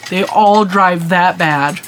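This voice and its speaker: A middle-aged woman hosting her crochet channel, chatting casually and telling an animated story with frequent laughter. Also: fairly low pitch, slow, background noise. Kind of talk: casual chat.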